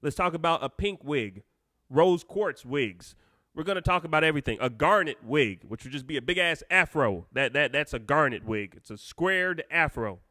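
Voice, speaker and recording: An excitable male host chatting off the cuff on a live stream, rambling through restarts and fillers. His voice is forceful and sharp with a slightly high pitch, recorded dry and close with no room sound. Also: moderate pace, dry recording. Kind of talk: unscripted casual live-stream chat.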